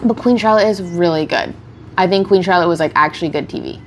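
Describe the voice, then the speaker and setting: On a close streaming mic with slight background noise, a woman with a fairly low voice chats at a quick pace. She's getting ready on a livestream, rambling casually and fielding viewers' questions.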